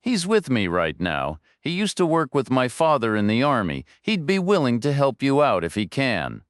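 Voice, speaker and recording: A man's voice: medium pitch, huge pitch swings, normal speed, no echo, studio quality, pitched above the performer's own voice. A man voicing a determined young woman lawyer, earnest and persistent in her questions.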